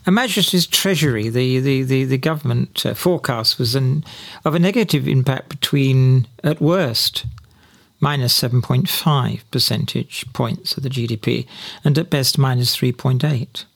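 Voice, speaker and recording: A man's voice: medium pitch, normal speed, creaky. A man from Britain giving spoken political commentary, sardonic in tone, mocking opponents through quoted voices, with some slips and repeated words.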